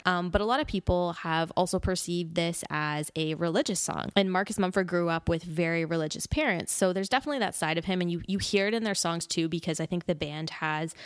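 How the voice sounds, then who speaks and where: Low-voiced young woman rambling about music on her podcast, lots of "like", dead dry mic. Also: no room sound. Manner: chatty, frequent "like" fillers, sings snippets. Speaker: podcast host. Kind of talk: solo casual music talk.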